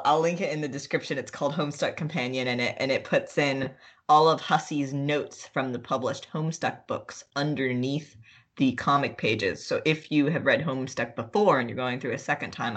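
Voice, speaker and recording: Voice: medium pitch, normal speed, fairly bright tone, breathy edge. A podcast co-host chatting casually, rambling, giggling and trailing off while searching for words. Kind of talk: casual chat.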